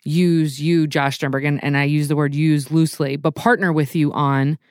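A woman's voice: low-pitched, fairly even intonation, moderate pace, a little mellow, clean tone, no echo, clean studio sound. A woman co-hosting a casual business talk, building her ideas aloud in a thoughtful way.

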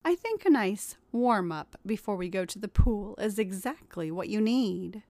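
A woman's voice: medium pitch, lively intonation, warm tone, dry recording, studio quality. A woman playing a stern, teasing 1950s housewife. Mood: calm. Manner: firm and commanding, slow deliberate emphasis.

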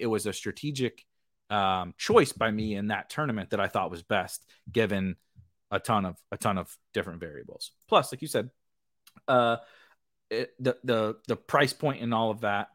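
A man's voice: fairly low pitch, dry recording. Rambling, chuckling man in a dry room. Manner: rambling, self-correcting, chuckles often. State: has the hiccups. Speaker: fantasy football podcast host. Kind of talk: casual livestream chat.

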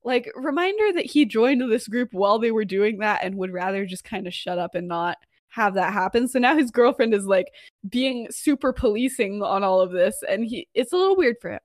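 A young woman podcast co-host casually retelling a story in a chatty way, full of fillers and quick laughs. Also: mid-range voice, lively intonation, no echo, studio quality.

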